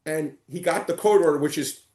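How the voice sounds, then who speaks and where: A man on a casual sports podcast, telling animated stories with lots of stumbling restarts. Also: a little high, moderate pace, echoey room, crowd noise. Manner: animated storyteller, stumbling restarts and excited retelling. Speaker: guest.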